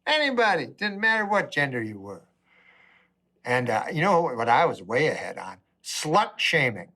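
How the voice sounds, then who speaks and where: A middle-aged man doing a stand-up comedy routine, with a deadpan, rambling delivery full of asides. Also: mid-range voice, normal speed.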